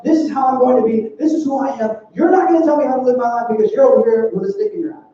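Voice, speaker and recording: In a church hall, a young male youth pastor preaches a youth sermon conversationally, acting out quoted voices in an extremely high-pitched yet dark-toned voice. He talks fast, and the sound is distant, dull and roomy.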